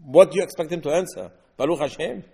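Animated man teaching Torah, echoing hall. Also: on the high side, fast talker, vocal fry, slightly rough. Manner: animated, rhetorical questions, quotes verses in Hebrew. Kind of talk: Torah class in English.

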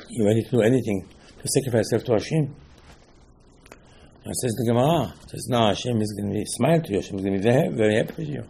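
A man giving a Torah class as a rabbi, in halting, with emphatic restarts. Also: lowish voice, creaky, dark tone, slight background noise. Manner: non-native English, halting restarts, rising emphasis.

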